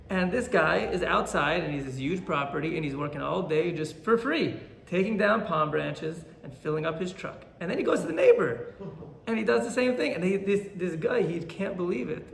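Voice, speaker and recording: A rabbi gives a Torah class in a high, gravelly voice, telling stories with lively energy and acting out the people in them. The recording is roomy and echoey. A faint hum of ambience sits underneath. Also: male voice, moderate pace. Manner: animated storyteller, acts out quoted characters.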